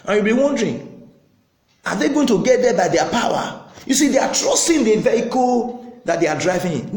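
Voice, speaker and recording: A man's voice: sits high, reverberant, rough recording. A man preaching a sermon as pastor, emphatic, repeating phrases and acting out quotes.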